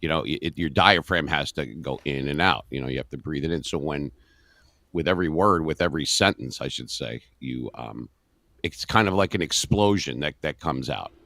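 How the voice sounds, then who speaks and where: A middle-aged man with an extremely deep, forceful radio voice chats casually on a video call. He speaks in an even monotone, thinking aloud with pauses. The sound is close and dry. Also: no room sound. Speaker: radio host and voice-over artist. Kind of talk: casual interview talk.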